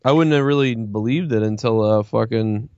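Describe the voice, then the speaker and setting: A man talking casually on a stream, telling a long story and swearing often as he quotes what people said to him. His voice sits at a middle pitch. It comes through a dry, dull, lo-fi mic. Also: normal speed, darkish tone, no echo. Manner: profane, rambling storytelling with lots of quoting. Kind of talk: casual chat.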